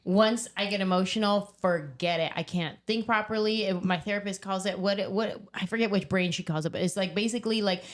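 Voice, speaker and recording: Female comedian guest, 40s, middle voice, animated storyteller. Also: mid-range voice, a little fast, hardly any pauses. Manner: animated, laughs often, acts out conversations. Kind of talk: casual storytelling chat.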